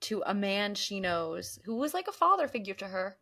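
A young woman co-hosting a casual recap chat, talking through scenes and acting out lines in quick voices. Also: mid-range voice, very animated, sharp tone. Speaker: podcast co-host.

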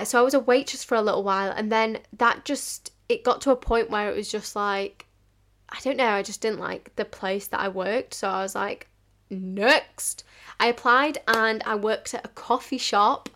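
A woman's voice: mid-range voice, fairly bright tone. Chatty woman in her twenties. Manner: chatty, fillers like "like", acts out quoted dialogue. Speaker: podcast host. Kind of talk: casual chatty storytelling.

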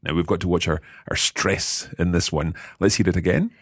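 A man hosting a language lesson, patiently explaining Italian words and slowing down to repeat phrases. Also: low voice, husky, no room sound, studio quality. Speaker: language course host.

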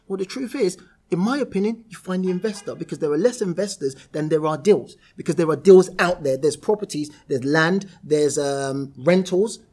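A British man speaking as a podcast guest, his voice sitting a little higher than most men's. He talks in an animated, storytelling way, slipping into quoted voices as he goes. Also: moderate pace. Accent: British English. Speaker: property entrepreneur guest. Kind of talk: podcast interview.

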